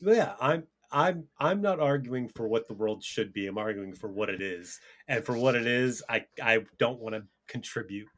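A man's voice: medium pitch, lively intonation, moderate pace, few pauses, a bit bright. A man co-hosting a podcast, arguing casually and profanely, often laughing mid-rant. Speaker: podcast co-host. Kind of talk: casual heated banter.

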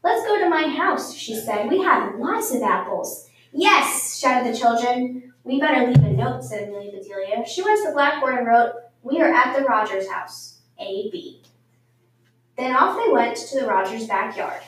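A woman reading a children's storybook aloud, lively and acting out the voices. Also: a little high, normal speed. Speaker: storybook reader. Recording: echoey room, far from the mic.

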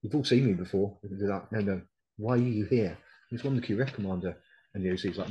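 On a muffled recording, a middle-aged British man speaks fast in a fairly low, mellow voice. A decorated RAF Regiment veteran and podcast guest, he tells his story in a casual interview with blunt, heavily sweary delivery, repeating what others told him.

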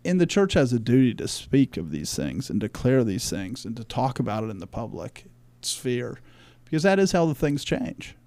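A man's voice: mid-range voice, sing-song, normal speed, vocal fry, dark tone, no room sound. A man co-hosting a church podcast, speaking emphatically and quoting scripture in a preachy way. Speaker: podcast co-host. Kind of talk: religious discussion podcast.

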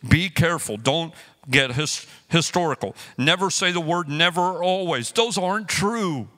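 A pastor preaches a sermon at a somewhat high pitch and normal speed, joking as he teaches. He's an animated storyteller who acts out quotes from everyday quarrels.

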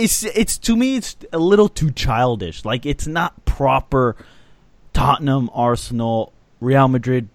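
Male podcast host, relaxed and opinionated, dry studio sound. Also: medium pitch, no room sound. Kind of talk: casual sports chat.

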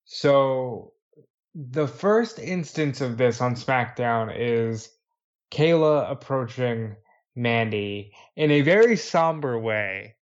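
A man with a mid-range voice talks slowly while co-hosting a casual wrestling podcast. He's an animated storyteller, retelling events and acting out the quotes. The audio is dull and lo-fi.

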